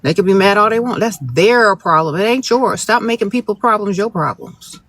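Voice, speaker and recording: A man's voice: sits high, a little fast, a bit bright. A man hosting a live phone stream outdoors, reading out viewer questions and giving blunt, sassy, no-nonsense relationship advice straight to the audience. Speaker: advice-giving livestream host. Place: outdoors, birds nearby.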